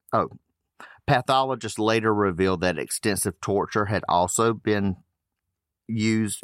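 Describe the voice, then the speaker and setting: A man's voice: low-pitched, no echo, clean studio sound. A man hosting a podcast, reading case notes aloud with loose casual asides. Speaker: podcast host.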